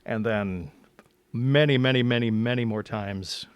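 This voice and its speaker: A man's voice: medium pitch, a little slow, clear, resonant tone, no room sound, highs cut off. A man who narrates audiobooks, a podcast guest giving brief, understated answers in casual chat.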